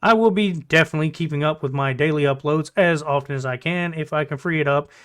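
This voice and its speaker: A man's voice: on the high side, fast, clean tone. A man telling a personal story in a casual, blunt and profane way to his viewers. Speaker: storytelling vlogger.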